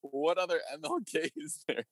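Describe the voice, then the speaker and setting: A man's voice: fairly high pitch, steady tone, moderate pace, slightly rough, no room sound, studio quality. A young man on a podcast, asking puzzled questions and giggling in casual banter. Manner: quizzical, giggly. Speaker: podcast co-host.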